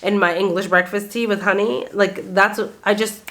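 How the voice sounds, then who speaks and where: Woman, 30s, from Massachusetts, chatty vlog talk, mid-pitched, rambling and expressive. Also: moderate pace, a little hiss or hum. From Massachusetts, USA. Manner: chatty and expressive, heavy use of "like" and "okay?". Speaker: vlogger. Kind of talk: casual vlog chat.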